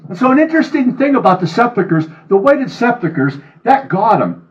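A man's voice: very high voice, sing-song, moderate pace, highs cut off. A man preaching a sermon, reading scripture aloud with rising fervor and then speaking plainly to his congregation. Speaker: pastor.

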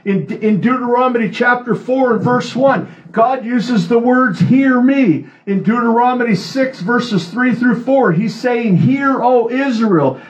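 A man delivers a sermon from a church podium, his voice sitting noticeably high. He preaches earnestly, leaning on repeated phrases to drive each point home. The recording is slightly dull and muffled. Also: a little slow, hardly any pauses. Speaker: pastor.

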